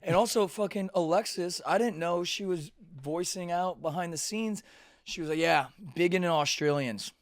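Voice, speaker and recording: A man's voice: high-pitched, normal speed, no room sound. A man hosting a casual podcast, blunt and crude, joking as he recaps a show. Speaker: podcast host.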